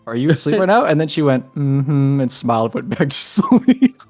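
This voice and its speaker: A man's voice: a little high, normal speed, faint music behind. A man telling a funny anecdote in casual podcast chat, with lots of swearing. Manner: animated anecdote teller, swearing. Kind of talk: casual storytelling.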